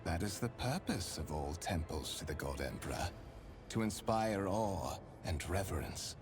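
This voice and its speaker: Game voice: a formal noble spymaster, lowish and melodic, over score. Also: male voice, animated. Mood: reverent. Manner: measured, formal, courtly delivery. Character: refined male noble spymaster, calm and courtly. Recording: game voice with music behind.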